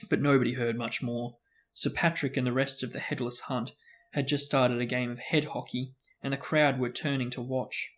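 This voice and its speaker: A man reads a novel aloud in steady narration. His voice sits at an ordinary mid pitch. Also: moderate pace. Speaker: book reader. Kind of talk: storybook reading aloud.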